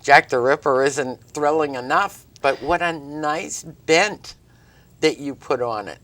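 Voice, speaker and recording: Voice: medium pitch, slow pace, fairly bright tone. A talk show host asking friendly, rambling questions in a studio interview.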